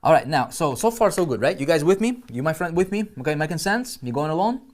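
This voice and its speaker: A man's voice: on the high side, very animated, quick pace. A man teaching online marketing on a live screen-share, chatty and full of "right?" check-ins and restarts, with keyboard typing heard behind him.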